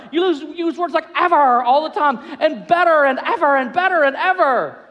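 A man preaching a sermon, animated, acting out the voices of couples as he goes. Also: very high-pitched, moderate pace, few pauses. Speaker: pastor. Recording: long hall reverb.

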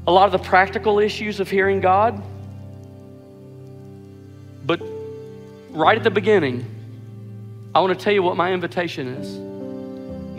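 A man preaching a sermon as pastor, repeating rhetorical questions, swelling to emphatic peaks and then dropping soft. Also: high voice, in a large hall.

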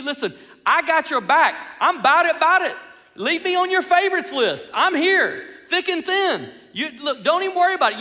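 A man acting out a boastful, impulsive male apostle who pushes and brags loudly, in a reverberant hall. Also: high voice, voice pushed down, heavily acted. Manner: bragging, pushy, loud.

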